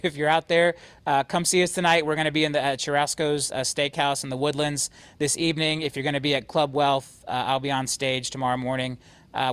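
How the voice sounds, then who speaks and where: A man leading a company, giving an energetic, emphatic motivational talk to his agents. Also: on the high side, clean tone, no room sound. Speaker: real estate brokerage CEO.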